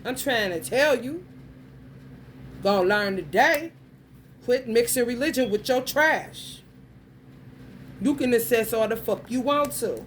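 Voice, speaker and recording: A woman's voice: on the high side, lively intonation, measured pace, pauses often, slight background noise. Crude, swearing woman ranting. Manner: blunt, crude, heavy swearing, streetwise slang. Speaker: vlogger. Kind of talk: profane stream-of-consciousness rant.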